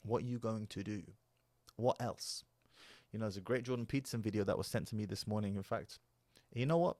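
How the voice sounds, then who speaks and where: A man's voice: fairly low pitch, a little fast, a little mellow, dry recording. A man, giving casual, emphatic commentary as a reaction video host. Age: 30s. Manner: emphatic, preachy.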